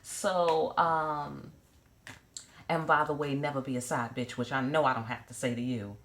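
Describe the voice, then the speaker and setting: A woman's voice: rumbling low, fairly even intonation, unhurried, fairly bright tone, a little hiss or hum. A woman giving a casual tarot reading to camera, blunt and profane, with joking asides and repeated check-ins of "okay?". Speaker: tarot reader.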